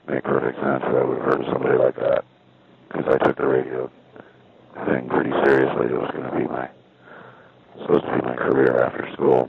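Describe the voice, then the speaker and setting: A man's voice: very deep voice, vocal fry, slight background noise. A man in his fifties rambling in a wry, meandering monologue from an outdoor payphone. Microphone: phone handset. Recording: tinny phone line.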